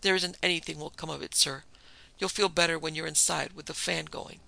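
A man's voice: a little high, steady tone, brisk, gravelly, sharp tone, dry recording, full character voice, low-quality recording. A man voicing a terrified male ship steward who pleads frantically and breathlessly. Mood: anxious.

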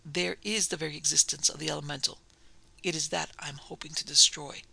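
A man's voice: fairly high pitch, fairly even intonation, brisk, gravelly, bright, forceful tone, husky, heavily acted, rough recording. A man voicing a determined young occult-minded woman. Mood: grave. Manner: earnest, commanding. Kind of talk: audiobook character voice.

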